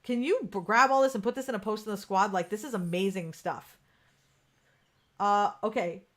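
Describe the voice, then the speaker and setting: A woman's voice: mid-range voice, fairly even intonation, normal speed. Candid, profane woman coaching live. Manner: candid and profane, laughs often, reads out viewer comments. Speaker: podcast host. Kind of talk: casual live-stream coaching talk. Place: home room with ring light.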